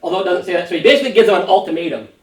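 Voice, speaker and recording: A pastor leading a Sunday school Bible study, talking conversationally and often checking in with a quick "right?". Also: male voice, high-pitched. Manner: conversational, fond of tag question "right?"; animated when paraphrasing scripture figures. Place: church classroom. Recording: roomy church room, mic at a distance.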